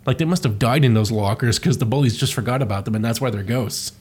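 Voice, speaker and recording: A man's voice: mid-range voice, fast, a little mellow, slightly rough. Rambling, profane man recapping a cartoon. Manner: rambling, profane, laughing often. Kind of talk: casual comedic recap.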